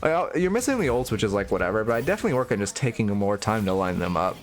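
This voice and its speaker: A man's voice: lowish voice, very animated, rapid-fire. A man giving casual live-stream coaching commentary on a video game, blunt and opinionated, swearing freely.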